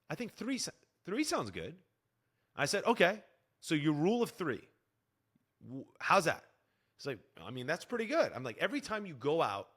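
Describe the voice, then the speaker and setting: Animated man giving fitness advice. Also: fairly high pitch. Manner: energetic, animated, acts out dialogue. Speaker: fitness coach. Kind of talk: direct-to-camera fitness advice.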